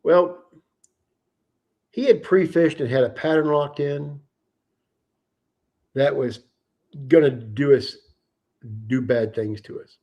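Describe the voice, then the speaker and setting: A man hosting a livestream, telling a fishing story in a casual, animated and profane way. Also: a little high, slow, long pauses, lo-fi sound. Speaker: livestream host.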